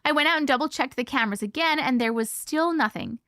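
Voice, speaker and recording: Lively woman streamer, bit high voice, chatty and playful, dry close sound. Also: fast talker, no echo. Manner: animated and playful, jokes with chat. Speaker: host reading viewer stories. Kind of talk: casual livestream chat.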